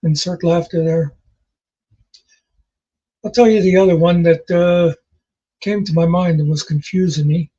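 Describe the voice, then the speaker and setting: A man's voice: a little high, fairly even intonation, unhurried, long pauses, mellow, slightly rough, dull audio. A man casually telling jokes as host, rambling and folksy in his storytelling.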